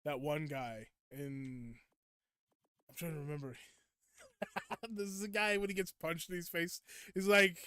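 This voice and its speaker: A man's voice: fairly high pitch, a little slow, long pauses, bright, forceful tone, smooth, dry recording, clean studio sound. A young man streaming a game and chatting casually with viewers, ranting at them in playful mock indignation. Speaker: gaming streamer. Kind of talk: casual live gameplay chat.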